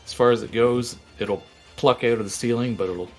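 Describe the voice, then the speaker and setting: A young man playing a tabletop game in a relaxed, offhand way with easy laughs. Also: mid-range voice, normal speed, soft background music. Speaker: player. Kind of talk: casual tabletop play.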